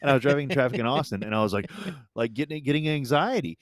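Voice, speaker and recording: A man in his forties co-hosting a podcast in casual chat, low-key and hesitant, with many fillers. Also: quick pace, dry recording, studio quality. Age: 40s. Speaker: podcast co-host.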